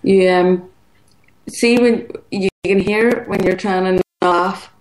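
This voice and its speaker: A woman's voice: mid-range voice, steady tone, slow, a little mellow, roomy sound, poor audio. A woman, calling in to a late-night show and chatting teasingly with the host. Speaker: caller. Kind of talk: casual chat.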